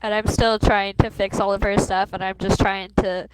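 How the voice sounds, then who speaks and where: A woman playing a tabletop game explains her moves playfully, step by step. Her voice sits mid-range. A loud background noise covers the recording. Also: medium pitch, level tone, normal speed. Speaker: player. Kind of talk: casual tabletop play.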